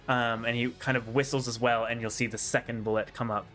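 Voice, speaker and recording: Man, game master, bright tone, rambling narration, lots of ums. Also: medium pitch, little pitch movement, fairly quick, faint music behind. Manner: rambling, many ums, laughs often.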